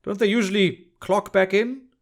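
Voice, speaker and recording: A man's voice: high voice, fairly even intonation, normal speed, voice pushed up. A man voicing a weary middle-aged male border policeman who talks in a tired, lethargic way.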